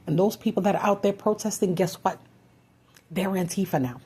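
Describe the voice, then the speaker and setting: A woman vlogger with a husky, dark-toned, medium-pitched voice speaks briskly in an impassioned political rant to her viewers. She sounds urgent and frustrated, piling on rhetorical questions and swearing.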